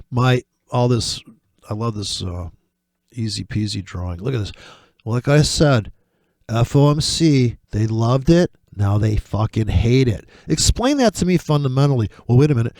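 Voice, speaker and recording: A man giving casual, rambling commentary over trading charts, swearing often and breaking into excited, mocking asides. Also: fairly low pitch, unhurried, no room sound. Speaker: forex trading vlogger.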